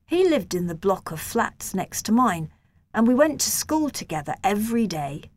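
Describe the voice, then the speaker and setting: A woman reading a children's novel aloud in a gentle, measured first-person storytelling voice. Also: mid-range voice, big pitch swings. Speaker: audiobook narrator.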